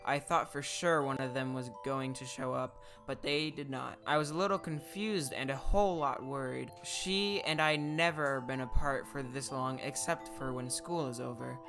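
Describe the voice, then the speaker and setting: A man reading his own short story aloud in a steady storybook narration. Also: mid-range voice, moderate pace, few pauses. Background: faint music.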